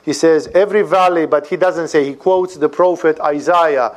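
Male spiritual teacher, fairly high voice, lively and rhetorical, lecturing on scripture. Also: moderate pace. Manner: animated, rhetorical, asks "No?" for agreement.

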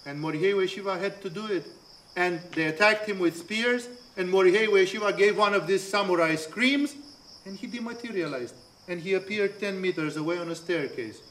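A man's voice: sits high, normal speed, fairly bright tone, slight background noise. A man teaching a spiritual lecture, earnest and storytelling, weaving anecdotes into his points. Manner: storytelling, earnest, acts out quoted voices.

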